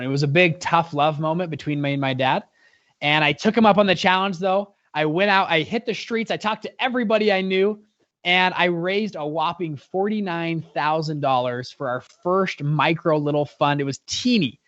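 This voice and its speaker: An energetic young man telling a story. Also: fairly high pitch, no room sound, dull audio. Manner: energetic, fast-talking storyteller with frequent restarts. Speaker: guest, fund founder. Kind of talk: storytelling in an interview.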